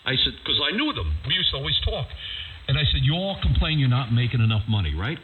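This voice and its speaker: An older man spins stories in a lively, sing-song voice, swooping up and down as he acts out the people in his tales. He sounds like he's coming over an on-air ham radio link, thin and phone-like. A faint hiss sits under him. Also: mid-range voice, quick pace. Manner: animated, folksy storyteller who acts out quoted voices. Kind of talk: casual storytelling chat. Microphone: radio transceiver microphone.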